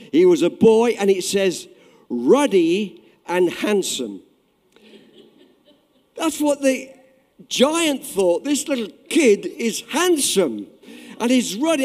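A man preaching a sermon, animated and direct, addressing his listeners. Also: extremely high pitch. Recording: long reverb in a hall.

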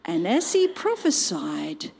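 A woman's voice: fairly low pitch, wildly swooping pitch, slow, creaky, darkish tone. An older woman preaching a sermon, telling a family story and acting out quotes and sound effects. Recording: long hall reverb.

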